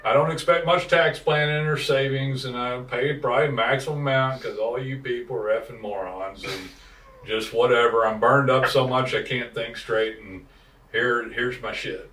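Give me a profane, rambling man telling client stories, his bright voice ringing in an echoey room. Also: medium pitch, normal speed, far from the mic. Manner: blunt, profane, rambling storyteller. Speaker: podcast co-host, digital marketing business owner. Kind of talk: casual podcast chat.

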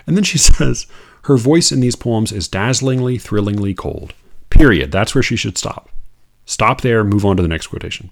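Man, gravelly, lively pitch, sardonic, incredulous, laughing asides, critiquing a review. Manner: incredulous, exasperated, laughing asides, pitch jumps when mocking. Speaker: poetry critic. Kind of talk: sardonic monologue reading and mocking a review.

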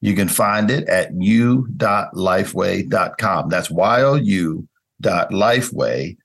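A man's voice: deep voice, animated, slow, vocal fry, fairly bright tone, slightly rough. A man hosting a conversational Bible study lesson, speaking unhurriedly with frequent fillers and restarts.

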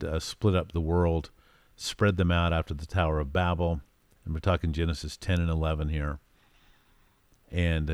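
A man giving an informal Bible teaching in a conversational way, often pausing with fillers and reading verses aloud with emphasis. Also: low voice, dry recording. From United States.

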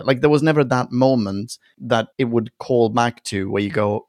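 An animated man chats sarcastically with a co-host, laughing often and swearing freely. His voice sits at an ordinary middle pitch, and the recording is close and dry, with no room sound. He keeps a loose, joking tone. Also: moderate pace, hardly any pauses, dry recording. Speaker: podcast co-host. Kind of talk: casual chat reviewing a TV episode.

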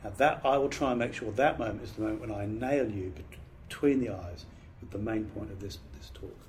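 Middle-aged British man, pastor-trainer, low-pitched, earnest and emphatic, casual restarts. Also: a little fast, slight background noise. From Britain. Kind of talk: training talk on preaching.

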